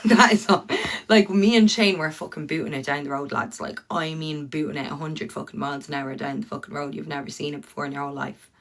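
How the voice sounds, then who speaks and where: A woman's voice: low-pitched, fairly bright tone. An Irish woman ranting bluntly to her viewers on a livestream, swearing freely and talking straight to them.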